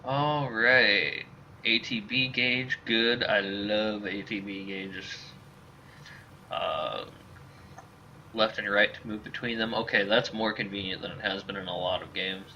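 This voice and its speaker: Chatty bright-voiced man gaming. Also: lowish voice, fairly even intonation, takes it slowly. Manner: chatty, self-deprecating. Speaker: gamer. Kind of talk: casual let's-play commentary. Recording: dull lo-fi with faint hiss.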